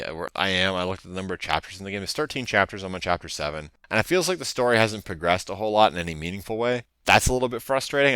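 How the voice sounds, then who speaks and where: A man's voice: sits low, bright, forceful tone, clear, resonant tone, dry recording. A man co-hosting a gaming podcast, rambling casually with lots of swearing and laughter. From Canada. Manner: rambling, profane, laughs often. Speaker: podcast co-host. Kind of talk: casual chat.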